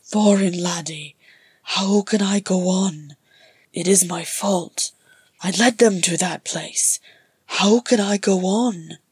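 A woman voicing a grieving, guilt-ridden old dwarf man with a raspy, harsh, biting voice in a storybook reading. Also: fairly low pitch, fairly even intonation, takes it slowly, no room sound. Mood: anguished. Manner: anguished, loud, biting.

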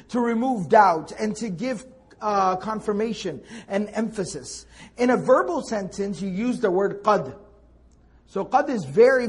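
A man's voice: sits high, breathy edge. A man teaching a Quran tafsir lecture, explaining step by step and repeating key points for emphasis.

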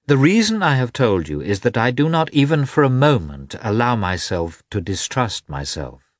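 A man reading the part of an emotional, tearful young noblewoman, his voice lifting high and tremulous as she confides. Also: very animated, normal speed, dry recording, clean studio sound. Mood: earnest, tearful.

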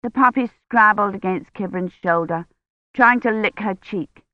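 A woman narrating an audiobook in a measured, steady reading. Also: medium pitch, dry recording. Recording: dull dry audiobook recording.

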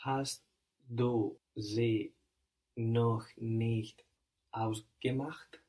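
Male learner, very slow and flat, careful answers. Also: mid-range voice. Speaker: language student. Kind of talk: answering in a language lesson.

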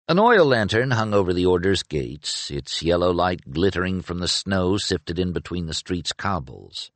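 A man narrates a novel in a measured, storytelling way. His voice is very low but moves through a wide, lively pitch range. The recording is close and dry, with no room echo. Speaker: audiobook narrator. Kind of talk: scripted narration.

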